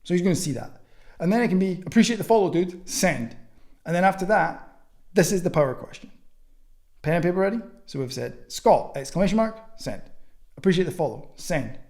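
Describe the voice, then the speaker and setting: A young man teaching online coaching in a blunt, sweary, casual way, acting out text chats as quick little scenes. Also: high voice, expressive, darkish tone. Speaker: online fitness coaching mentor. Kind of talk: casual teaching with acted-out message examples.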